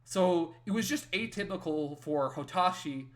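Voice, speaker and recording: A man co-hosting a podcast, telling a story casually with lots of fillers and tag questions, growing loud and excited when he retells his wins. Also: fairly high pitch, measured pace. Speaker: podcast co-host.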